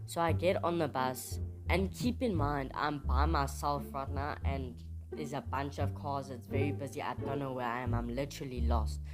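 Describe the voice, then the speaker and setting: A young man from South Africa with a South African accent, telling stories in a chatty, animated way in his room. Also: medium pitch, moderate pace. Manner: chatty, animated, teasing complaints. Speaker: vlogger. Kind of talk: casual storytelling vlog. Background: music.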